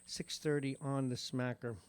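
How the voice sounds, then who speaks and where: A man's voice: mid-range voice, fairly even intonation, unhurried, smooth, dry recording. A man with a New York accent hosting a morning radio show, reading local news with wry asides. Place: radio studio.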